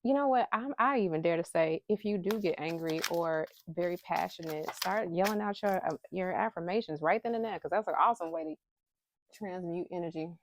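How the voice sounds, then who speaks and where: A woman's voice: lowish voice, brisk, dry recording. A woman talking casually to her camera about faith and emotions, heartfelt and candid, with bursts of emphatic pleading. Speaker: spiritual vlogger drawing inspiration cards. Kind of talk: casual spiritual talk to camera. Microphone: phone camera held close.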